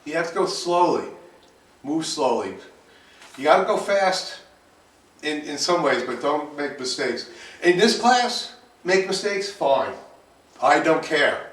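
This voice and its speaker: Brief: male cooking teacher, slightly high voice, heard from across an echoey classroom with faint hiss, repeats and restarts as he lectures. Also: animated, takes it slowly, pauses often, a bit bright, recorded from a distance. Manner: repetitive, restarts often, switches to bold exclamations.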